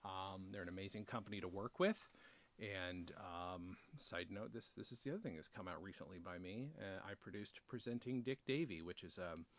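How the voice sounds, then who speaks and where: A man hosting a casual unboxing vlog, rambling with self-deprecating jokes and chatty asides. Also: fairly low pitch. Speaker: author and video host.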